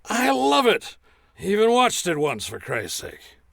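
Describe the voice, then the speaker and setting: A gravelly, rough-edged arena announcer, as a man plays him with a voice pitched a little high. He swings through a lively, up-and-down delivery full of profane bluster, and the recording is close and dry in a comedy skit. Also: unhurried, no room sound, full character voice. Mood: ranting. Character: crude hard-drinking male arena announcer, middle-aged.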